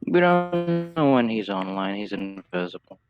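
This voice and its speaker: A man's voice: lowish voice, big pitch swings, unhurried, muffled recording, music in the background. A man chatting casually as a player before a tabletop game, making dry, teasing remarks. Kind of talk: casual chat.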